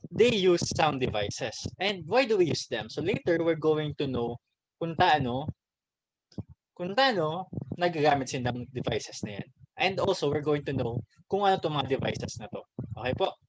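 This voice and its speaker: Filipino male teacher, slightly high voice, halting and chatty, recorded with audible background noise. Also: lively intonation. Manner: halting, many restarts, addresses students directly. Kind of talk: online class lesson, mixing English and Bisaya.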